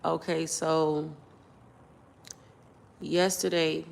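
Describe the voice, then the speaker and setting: A young woman tells a personal story to her phone camera in a rambling, casual way. Her voice sits fairly low and she speaks slowly. She loops back and repeats key points as she goes. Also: level tone, vocal fry. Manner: rambling, repeats herself, builds up agitated; casual, loose grammar. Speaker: vlogger.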